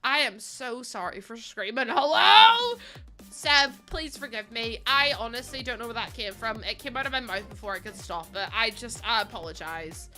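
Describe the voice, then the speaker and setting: A young woman with a Northern Irish accent rambles through casual stream chat, unfiltered and quick to laugh. Her voice is bright and fairly high. Quiet music plays underneath. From Northern Ireland. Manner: chatty, unfiltered, laughs often, sudden loud squeals. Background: soft background music.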